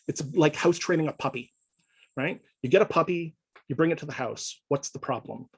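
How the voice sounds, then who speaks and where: A man lecturing in a relaxed, conversational way, often checking in with his listeners as he explains. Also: fairly high pitch, a little fast, slightly rough, dry recording, low-quality recording. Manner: conversational, checks in with frequent "right?". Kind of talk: informal lecture.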